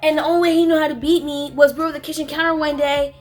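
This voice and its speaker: A woman mimicking a distressed woman in a low-budget film, in a mock-dramatic, overacted way. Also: level tone, quick pace, faint music behind, natural voice. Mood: mock-tearful. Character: distressed woman telling of her abusive husband.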